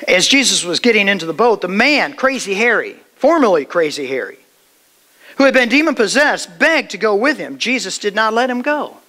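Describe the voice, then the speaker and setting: A male pastor preaches a sermon, retelling a scripture story with dramatic storytelling and sudden drops to a hush. His voice sits high with big pitch swings, at normal speed.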